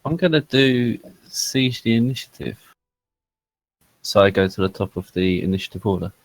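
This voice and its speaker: A man's voice: on the low side, expressive, moderate pace, no echo. A man playing a tabletop game, eager and cheering on his own rolls. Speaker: player. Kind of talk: casual tabletop play.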